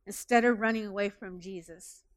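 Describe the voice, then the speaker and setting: A woman pastor preaching a sermon with animated delivery, asking the congregation many questions. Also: medium pitch, moderate pace, noisy background.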